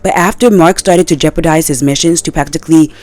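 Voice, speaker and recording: A woman giving casual commentary in a vlog, animated and exasperated, full of slang. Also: sits low, quick pace. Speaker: video creator.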